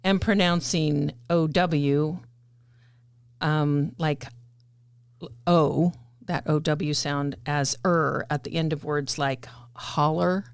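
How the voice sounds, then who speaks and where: Casual co-host: a low-pitched woman who thinks aloud, dry close mic. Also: steady tone, slow pace, clean tone, dry recording. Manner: thinking aloud with frequent fillers and restarts. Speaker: podcast co-host. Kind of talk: casual chat.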